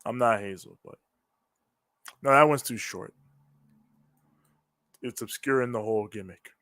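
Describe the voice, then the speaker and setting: Animated, swearing man on a dry mic. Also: medium pitch, measured pace, no room sound. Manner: animated, swears freely, rambling, laughs often. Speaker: co-host of a wrestling reaction show. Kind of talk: casual live-stream chat.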